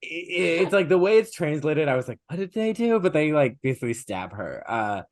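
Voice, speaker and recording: A man's voice: fairly high pitch, fairly quick, no echo, studio quality. A man co-hosting a podcast, retelling an old story in a casual, chatty way with plenty of fillers and asides. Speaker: podcast co-host.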